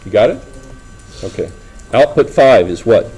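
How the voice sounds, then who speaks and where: A man's voice: lowish voice, expressive, moderate pace, dark tone, husky, rough recording. A middle-aged man giving a classroom lecture, talking casually and checking in with the students often. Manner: conversational, asks students frequent checking questions. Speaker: engineering lecturer.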